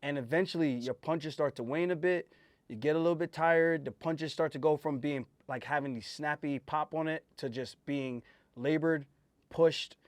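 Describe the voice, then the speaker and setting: Host and fighter, male, emphatic and animated, slightly high voice, dry sound, casual fight talk. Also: normal speed, dry recording. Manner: emphatic, animated, swears freely. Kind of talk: casual fight breakdown chat.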